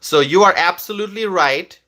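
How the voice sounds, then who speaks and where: A man's voice: high voice, fairly quick, bright, forceful tone. A man hosting a political livestream and reading out viewer comments. He is emphatic, repeats himself, and keeps checking in with "okay?".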